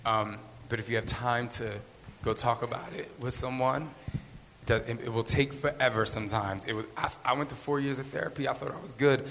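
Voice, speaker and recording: A man's voice: mid-range voice, fairly even intonation, fairly quick, fairly bright tone, in a large hall, a little hiss or hum. A man hosting a podcast, talking candidly and earnestly in a rambling way, repeating phrases for emphasis. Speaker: podcast host. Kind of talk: candid motivational talk.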